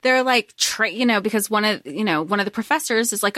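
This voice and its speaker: A woman co-hosting a podcast, talking about a book in an animated, excitable way and swearing freely. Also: mid-range voice, fairly quick, few pauses, no echo, studio quality. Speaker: podcast co-host. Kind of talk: casual book discussion.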